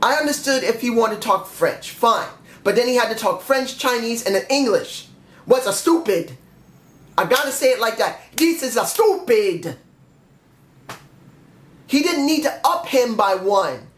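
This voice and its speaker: A man's voice: extremely high pitch, animated, normal speed, fairly bright tone. A man reviewing a wrestling show on his own, ranting in frustration and stopping to correct his own slips. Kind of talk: solo review rant. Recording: echoey room.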